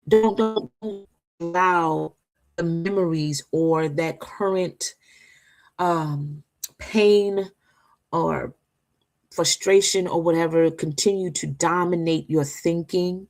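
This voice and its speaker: Slow and slightly low-voiced, this talk show co-host offers listeners warm encouragement in an inspirational faith talk rather than a formal sermon, with soft music in the background. Her preaching is loose and conversational, emphatic and repetitive, and she checks in with "right?" to seek agreement.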